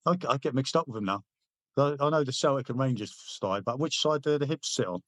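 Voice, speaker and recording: A man's voice: medium pitch, lively intonation, a little fast, fairly bright tone, no room sound. A middle-aged man from England, a former paratrooper, telling army stories in casual chat, swearing often and repeating himself. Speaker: guest, former paratrooper and author.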